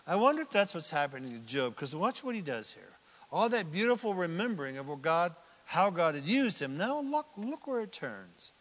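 A pastor preaching in a conversational, playful way that rises to emphatic bursts. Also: male voice, fairly high pitch, very animated, moderate pace, a bit bright, long reverb tail. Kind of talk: sermon.

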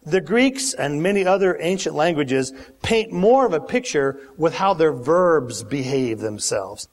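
A male preacher delivering a sermon, dramatic and animated, acting out the lines he quotes. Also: unhurried. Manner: dramatic, acts out quotes with big pitch swings. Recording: long hall reverb.

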